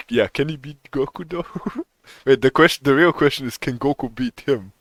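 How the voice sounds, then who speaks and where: A man's voice: medium pitch, lively intonation, normal speed, a bit bright, no echo. A young man co-hosting a podcast in a casual chat, rambling, swearing and laughing often. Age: young adult. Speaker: podcast co-host.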